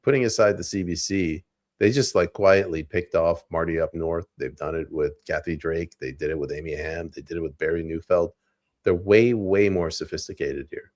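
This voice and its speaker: Man, low voice, animated storyteller, casual podcast chat. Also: normal speed. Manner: animated storyteller, acts out quotes. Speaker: podcast co-host. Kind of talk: casual political discussion.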